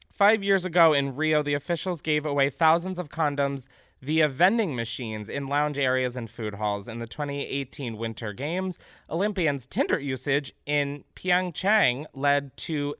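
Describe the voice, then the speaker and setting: A man hosting a comedic podcast, reacting loudly to what he reads, swearing freely and laughing often. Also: on the high side, smooth, no room sound, studio quality. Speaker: podcast host.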